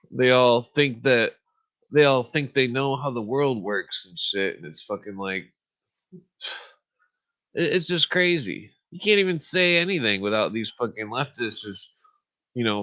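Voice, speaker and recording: A man's voice: mid-range voice, pushed and bright, rough recording. A man hosting a podcast, ranting bluntly with lots of swearing and fillers, then reading an article aloud. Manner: profane, blunt, frequent fillers. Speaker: podcast host.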